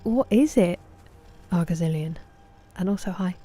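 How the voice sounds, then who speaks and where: A woman chatting casually with live viewers while gaming, greeting them by name and dropping soft asides. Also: lowish voice, expressive, normal speed, soft background music. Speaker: streamer.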